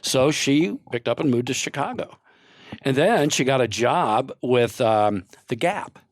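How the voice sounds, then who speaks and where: A man's voice: mid-range voice, animated, measured pace, no room sound, studio quality. An older man, a guest on a podcast, telling long rambling stories in casual chat and laughing often.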